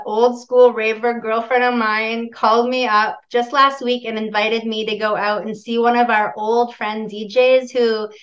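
A woman's voice: mid-range voice, fairly bright tone, lo-fi sound. A woman from Canada in her forties, chatting as an interview guest and laughing often. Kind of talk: casual interview chat.

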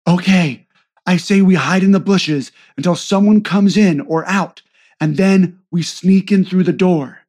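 A man's voice: high-pitched, measured pace, a little mellow. A man voicing a nervous young male rookie spy who stammers and trips over his words. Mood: nervous eager.

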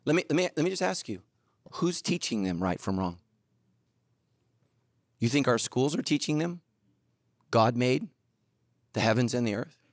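A middle-aged man preaching a sermon, telling stories animatedly, moving between loud excitement and low, earnest intensity. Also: normal speed, pauses often, dry recording, studio quality. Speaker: pastor.

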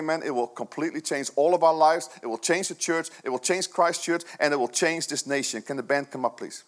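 Male pastor, middle-aged, earnest conversational sermon, voice a touch higher than most men. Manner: earnest, conversational preaching with rhetorical questions.

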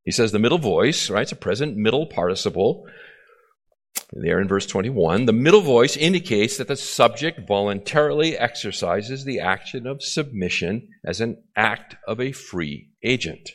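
A man's voice: lowish voice, lively intonation, moderate pace. A male pastor preaching an expository sermon, often repeating key phrases and checking in with the congregation.

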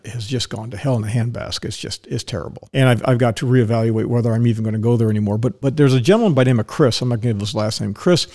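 Mellow-voiced man telling rambling stories. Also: mid-range voice, racing, hardly any pauses. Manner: rambling, anecdotal storytelling. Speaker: podcast host. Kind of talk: casual chat.

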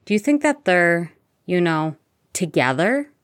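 A woman's voice: fairly low pitch, very animated, unhurried, no echo, clean studio sound. A woman reading fan fiction aloud, voicing a clever teenage witch who is exasperated and insistent.

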